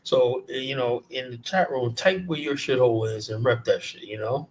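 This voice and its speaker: A man's voice: medium pitch, normal speed. A man from Queens, hosting a livestream and ranting casually in a profane, rambling, mocking way. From South Jamaica, Queens, New York. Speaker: livestream host.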